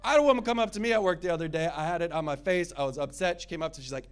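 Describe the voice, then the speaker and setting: A young man performs a stand-up set with a sarcastic, crude delivery and plenty of profanity. His voice sits a little higher than most men's. He mocks the crowd with bite. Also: racing, few pauses, smooth. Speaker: stand-up comedian. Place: comedy show in a gym.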